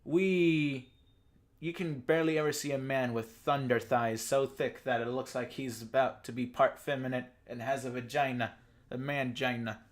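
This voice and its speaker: A man's voice: medium pitch, steady tone, normal speed. A young man from Texas, ranting casually and profanely as a YouTube commentator. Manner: rambling, profane, self-deprecating.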